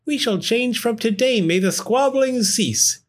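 A man's voice: lively intonation, a little slow, heavily acted. A man voicing a fussy, careful male squirrel who hoards food, in a raised, insistent voice for a storybook reading. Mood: cheerful. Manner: high, insistent and wistful.

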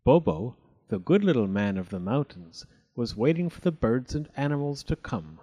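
A man reading a children's storybook aloud in an expressive, animated way. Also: medium pitch, moderate pace.

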